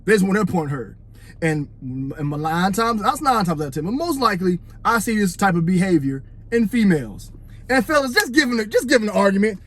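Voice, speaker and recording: A man's voice: high voice, lively intonation, a little fast, a bit bright. A man giving a casual, preachy opinion monologue into his phone, talking straight to "fellas" and often asking "you know what I'm saying". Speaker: vlogger.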